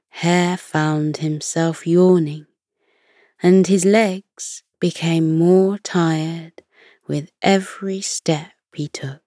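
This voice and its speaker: A woman narrating a soothing bedtime story in a soft, hushed voice that often slips into a whisper. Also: lowish voice, no echo, studio quality.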